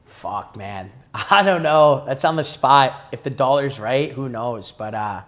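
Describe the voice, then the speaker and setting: A man's voice: medium pitch, lively intonation, a little slow, a bit bright. A young man guest on a podcast, chatting casually in a laid-back way, swearing often and laughing a lot. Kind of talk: casual chat.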